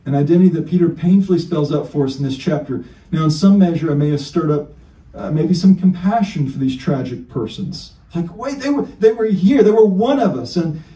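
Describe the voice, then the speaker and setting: A man's voice: fairly high pitch, mellow, roomy sound. A male pastor preaching an emphatic sermon full of rhetorical questions, heard from a distance in a church.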